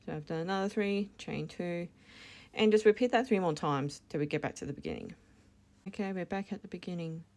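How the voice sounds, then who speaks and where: A woman gives a casual crochet tutorial in a brisk, sing-song manner, her fairly low voice a little mellow. She chats as she goes, correcting herself and laughing at her own mistakes.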